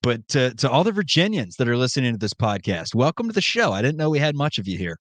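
A man co-hosting a casual sports podcast, talking in an animated, joking way with quick asides. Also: mid-range voice, dry recording. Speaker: podcast co-host.

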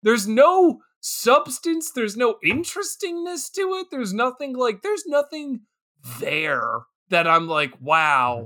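Animated man co-host, laughs a lot, slow and bright. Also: very high-pitched. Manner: animated, laughs often, mimics reactions in quotes. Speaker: podcast co-host. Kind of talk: casual movie-review chat.

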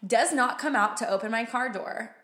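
A woman's voice: fairly high pitch, moderate pace, a bit bright. A young woman in casual chat, telling a story with lots of "like" and casual swearing. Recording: roomy echo.

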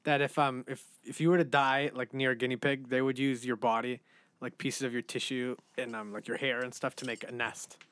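A man's voice: medium pitch, level tone, a little fast, fairly bright tone, smooth, no echo. Young man, casual podcast, blunt, crude, laughs at his own jokes. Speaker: podcast co-host.

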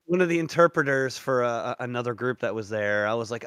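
A podcast co-host chats casually, telling stories with animation and acting out the people he quotes. His medium-pitched voice is clean and fast. The studio recording is clean and dry.

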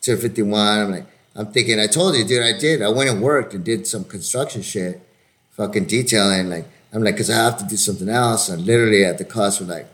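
A man's voice: fairly low pitch, a little fast. A man in his fifties, an actor hosting a casual chat, telling stories with lots of swearing and filler words. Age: 50s. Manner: animated storytelling, heavy swearing and filler words. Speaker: actor and podcast host.

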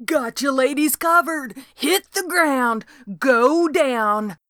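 Woman voicing a rookie cop, young man, squeaky, panicky yelling, high. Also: big pitch swings, slow, no echo, clean studio sound, heavily acted.

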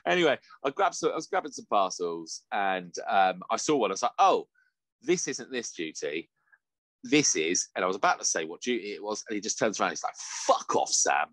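A man in his late thirties tells a workplace story as a casual podcast co-host, swearing freely and laughing at his own lines. His voice leaps up and down in pitch as he acts out the exchanges. The sound is close and dry, with no room around it. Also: very animated, brisk, fairly bright tone, no echo. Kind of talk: casual chat.

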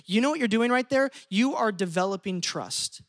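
A pastor preaching a lively sermon, shifting pace often and acting out quoted speech. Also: medium pitch, normal speed.

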